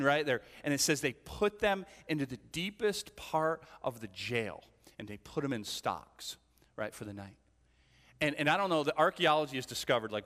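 Conversational pastor in a reverberant hall. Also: male voice, medium pitch, fairly bright tone. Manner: conversational storytelling with frequent "right?" asides. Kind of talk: sermon. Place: church hall. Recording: long church hall reverb.

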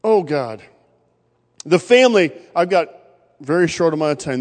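Preacher guy with a high voice, big fervent swings from loud to quiet, long church reverb. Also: sing-song, moderate pace, pauses often. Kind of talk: sermon. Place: church sanctuary.

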